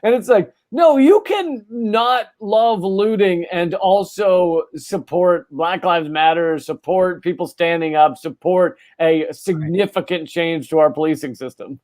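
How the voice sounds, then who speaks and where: A man's voice: high voice, unhurried, few pauses, a little mellow. A man hosting a casual podcast chat, making wry, sarcastic asides. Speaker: host.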